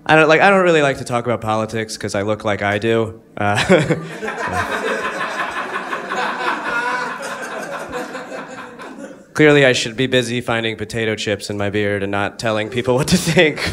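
A man performing a stand-up comedy set on a club stage, rambling and giggling at his own jokes, breaking into loud mock voices. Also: mid-range voice, very animated, slow, pauses often.

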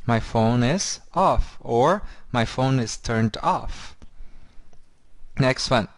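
A man teaching English in a casual video lesson, upbeat and friendly, slowing down to model each correct phrase. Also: medium pitch, lively intonation, dry recording.

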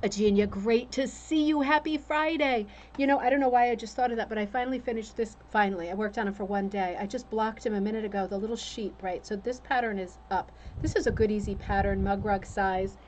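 A woman's voice: medium pitch, brisk, few pauses, a little mellow. A woman hosting a casual craft livestream from a room upstairs at home, chatting and greeting viewers by name. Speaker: host of a rug hooking livestream. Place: room on a home's second floor with a fan. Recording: faint room noise, fan hum.

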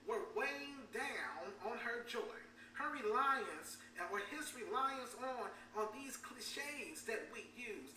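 A woman's voice: fairly high pitch, sharp tone. A woman pastor preaching a sermon in a church, often repeating her words and calling out for amens from the congregation. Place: church sanctuary. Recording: echoey room, distant mic, faint hum.

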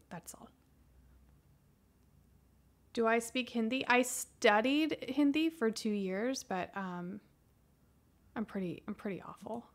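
A woman in her thirties who answers livestream chat questions in a casual, soft-spoken way, hesitating and restarting often. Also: on the high side.

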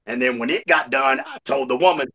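A man's voice: mid-range voice, a little fast. A man telling a jail story as a guest, swearing freely and laughing as he talks. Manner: animated, swears a lot, laughs mid-story. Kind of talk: casual storytelling.

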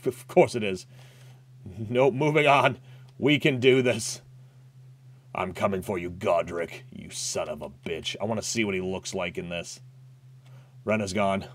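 A man commentating his own playthrough of a retro game, excitable and swearing, yelping and laughing as he plays. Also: on the low side, a little slow, long pauses, no echo. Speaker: gaming YouTuber. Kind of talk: let's play commentary.

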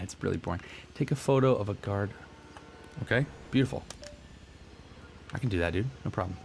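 A man's voice: on the low side, a little hiss or hum. Goofy young man joking through gameplay. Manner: goofy, jokey, self-mocking with loud outbursts. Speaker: gaming let's-play host. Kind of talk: casual gameplay commentary.

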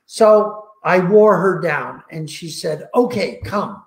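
An older man slowly telling heartfelt stories about his work, recorded on a video call. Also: high voice, vocal fry, echoey room. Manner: slow, heartfelt, emotional anecdotes. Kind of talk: casual storytelling.

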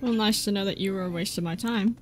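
A woman's voice: medium pitch, fast talker, noisy background. A woman giving casual, profane, exasperated commentary while playing a video game, talking back at the characters on screen. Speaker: let's play gamer. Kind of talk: gameplay commentary.

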